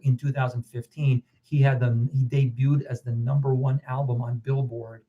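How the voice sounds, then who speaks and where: Podcast co-host, male, mid-pitch, enthusiastic and a bit rambling. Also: flat delivery, normal speed, mellow, dull audio. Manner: enthusiastic, fan-like, restarts often. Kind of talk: casual chat.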